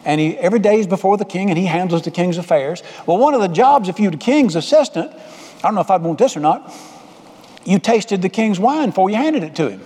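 A man's voice: high voice, animated, brisk, dark tone, slightly rough. A man preaching a sermon as pastor in a folksy, conversational way, repeating his phrases. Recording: long hall reverb.

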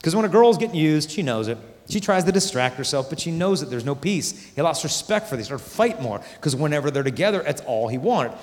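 A man giving a youth conference talk, animated and acting out voices of the people in his stories. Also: a little high, fast. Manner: animated, acts out quoted voices. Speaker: Catholic speaker. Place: large conference hall. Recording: hall reverb from a large venue.

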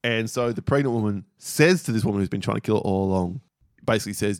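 A man co-hosting a casual podcast chat, a steady, detailed storyteller recounting film scenes. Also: fairly low pitch, fast talker, no room sound, studio quality. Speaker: podcast co-host.

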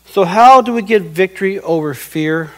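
A middle-aged male pastor delivers an earnest sermon in a high, light voice. He slips into little quoted voices to act out what people say, then comes back to plain teaching. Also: normal speed, a bit bright, poor audio.

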